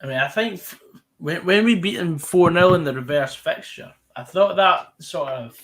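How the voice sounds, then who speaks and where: A man's voice: fairly high pitch, expressive, moderate pace, fairly bright tone. A young Scottish man hosting a live football watch-along, chatting casually and correcting himself as he goes. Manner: rambling, self-correcting, chatty. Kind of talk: casual live commentary chat.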